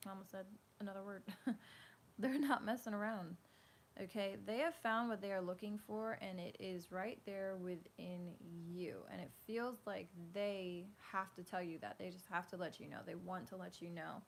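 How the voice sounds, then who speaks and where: A woman's voice: mid-range voice, normal speed. Woman doing a tarot reading at home, rambly and chatty, faint fan hum behind. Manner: rambling, animated, lots of fillers. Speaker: tarot reader. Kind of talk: casual tarot reading to camera. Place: home room with a fan running.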